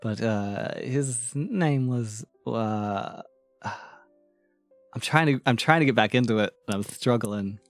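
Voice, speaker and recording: A man's voice: fairly low pitch, unhurried, no echo, soft background music. A man streaming in a casual chat, thanking followers, rambling through fillers and restarts, and laughing often. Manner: rambling, with frequent fillers and self-restarts, giggly.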